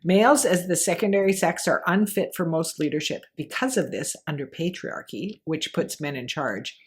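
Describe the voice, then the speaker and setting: Animated woman telling stories in a low voice. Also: normal speed. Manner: animated storyteller, acts out scenes with voices. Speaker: podcast co-host. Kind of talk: casual chat.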